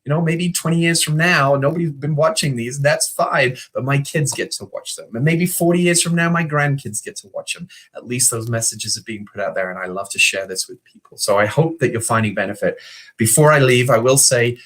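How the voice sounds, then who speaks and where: A man's voice: medium pitch, a little fast, fairly bright tone. A middle-aged man hosting a motivational video talk, earnest, telling stories and acting out the voices in them. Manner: earnest, storytelling, acts out quoted voices. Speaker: host.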